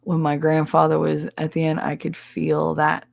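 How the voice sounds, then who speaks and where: Gravelly, blunt New Jersey woman. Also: deep voice, monotone, normal speed, no echo. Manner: blunt, abrasive, heavy cursing. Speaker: livestream host. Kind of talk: casual livestream chat reading comments.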